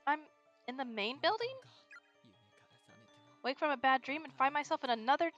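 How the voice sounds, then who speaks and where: A woman plays a timid teenage schoolgirl lost in a haunted game world, her voice pitched a little high and bright. She pleads anxiously and breathlessly, over faint game music. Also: normal speed, muffled recording. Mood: frightened. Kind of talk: reading game dialogue aloud.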